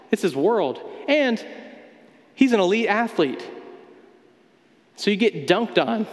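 A man preaching a sermon as pastor, talking in a conversational way with everyday examples. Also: on the high side. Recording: long hall reverb.

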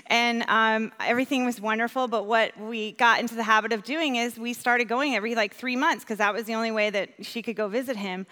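A woman from New York giving an earnest personal testimony as a church volunteer, animated when she retells conversations. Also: fairly high pitch, clean tone, big-room sound.

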